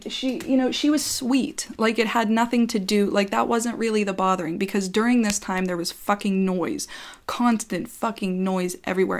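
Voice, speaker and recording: In a casual vlog, a woman with a mid-range voice tells the camera a personal story. She's chatty and blunt, swears freely, and fills her speech with "like."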